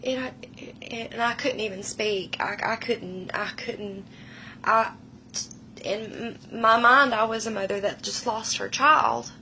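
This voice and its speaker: A woman in her thirties tells a frightening personal story slowly, her voice gravelly and bright. She speaks with emotion and often sinks to a hush. Faint noise sits behind her. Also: fairly high pitch, poor audio. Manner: slow, hushed, emotional retelling that drops to whispers.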